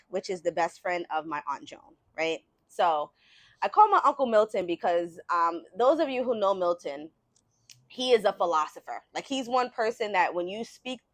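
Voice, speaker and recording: Brief: a woman author, animated and conversational, in a dry, close sound. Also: lowish voice, no room sound. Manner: conversational, repeatedly checks in with "right?". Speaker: author at her book signing. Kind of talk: storytelling talk to an audience. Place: book signing event.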